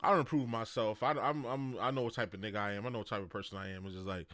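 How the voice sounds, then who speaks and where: A man's voice: fairly low pitch, fairly even intonation, racing, fairly bright tone, no echo, studio quality. A man in casual chat on a gaming stream, explaining his view earnestly in street slang.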